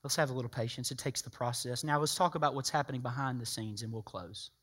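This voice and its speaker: A man preaching a sermon, emphatic and animated, acting out people's voices. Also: medium pitch, fast.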